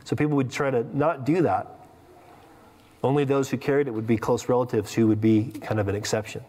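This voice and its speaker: A man's voice: medium pitch, fairly even intonation, brisk, warm tone. A man preaching a sermon as pastor, emphatic, with rhetorical questions and repeated words. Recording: long reverb of a hall.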